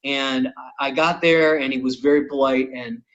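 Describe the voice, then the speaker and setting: A man's voice: medium pitch, moderate pace, lo-fi sound. A man hosting a podcast, telling a long comic anecdote in casual, profane chat. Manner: animated, swearing anecdote teller. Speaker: podcast host and comedian.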